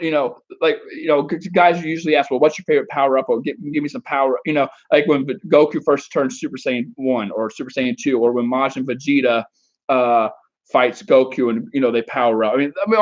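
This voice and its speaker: A man's voice: mid-range voice, fairly quick, lo-fi sound. Rambling, crude man on a live stream. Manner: rambling, crude and joking, with many restarts. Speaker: dating coach answering viewer chat. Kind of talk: casual live stream chat.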